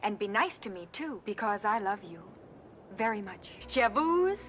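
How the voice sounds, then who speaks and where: A woman's voice: medium pitch, big pitch swings, moderate pace, fairly bright tone, dull audio. An actress playing an earnest young woman who pleads emotionally with the man she loves, in a 1950s movie musical. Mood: tender. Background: film score.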